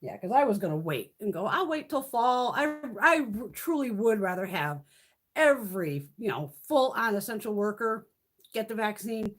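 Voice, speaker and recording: The woman, a beauty vlogger in her 50s hosting a live stream, speaks at normal speed with a medium-pitched, sing-song voice. Casual and rambling, she swears freely and laughs frequently.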